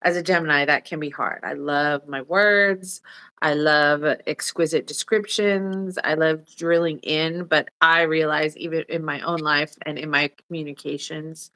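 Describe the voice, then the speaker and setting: Woman w/ a low voice, thoughtful spiritual chat, keeps hunting for the right word. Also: fairly even intonation, a little slow, bright, forceful tone. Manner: searching for words, restarts to find the exact term. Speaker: co-host. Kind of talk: reflective spiritual conversation.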